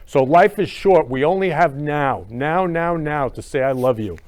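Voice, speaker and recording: A man hosts a show in a loose, casual monologue. His voice sits a little high. He gushes and circles back to the same warm phrases again and again. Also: animated, normal speed. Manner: effusive and repetitive, gushing about love. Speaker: show host.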